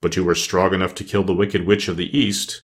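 A man reading a storybook, voicing a stern disembodied giant head that speaks slowly and commandingly. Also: low-pitched, flat delivery, voice pushed down, lightly acted. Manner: slow, commanding.

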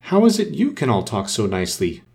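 A man voicing a polite, curious young girl in an eager, slightly timid storybook manner, his voice lifted higher. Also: wildly swooping pitch, fairly quick, creaky, darkish tone.

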